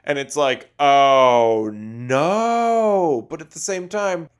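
A young man co-hosting a podcast in casual chat, animated, laughing often and slipping into silly voices when he quotes people. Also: a little high, normal speed. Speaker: podcast co-host.

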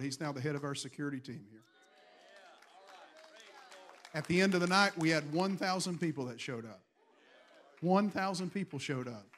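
High-voiced pastor preaching. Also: male voice, fairly bright tone. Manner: storytelling preacher, bursts of raised emphasis. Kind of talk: sermon. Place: church in front of a congregation.

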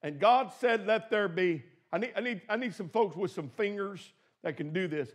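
A man preaching a sermon as pastor, emphatic, swinging between shouted praise and quiet asides. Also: sits high, moderate pace.

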